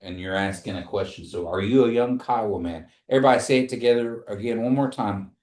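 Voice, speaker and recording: A man teaching a language class, speaking slowly and patiently and repeating phrases for his students to say back. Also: fairly low pitch, a little mellow, roomy sound.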